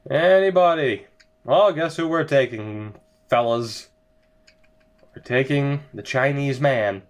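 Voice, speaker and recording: A young man giving sarcastic, exasperated commentary over a hockey video game as he plays. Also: on the high side. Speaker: gaming video creator. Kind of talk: let's-play commentary.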